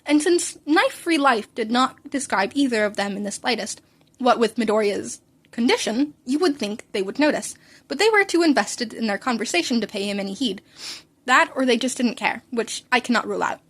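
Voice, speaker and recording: High-voiced woman reading fan fiction aloud. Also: expressive, brisk, a bit bright, breathy edge. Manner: casual, with wry asides and small slips. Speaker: podfic reader.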